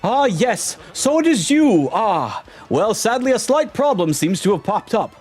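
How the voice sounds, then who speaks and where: A man voicing a pompous, boastful ship owner from a video game, lifted high and grand, each phrase drawn out with theatrical pride. Faint game music plays behind him. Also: big pitch swings, measured pace, darkish tone, husky, exaggerated voice. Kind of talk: reading game dialogue aloud in voice.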